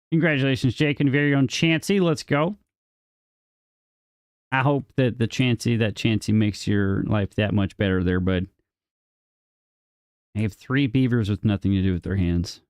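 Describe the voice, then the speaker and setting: A man's voice: medium pitch, moderate pace, long pauses, darkish tone, smooth, no room sound, clean studio sound. A man live-streaming a city-building game, chatting casually and joking with viewers in chat while he plays. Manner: chatty, jokey, talks to chat viewers by name.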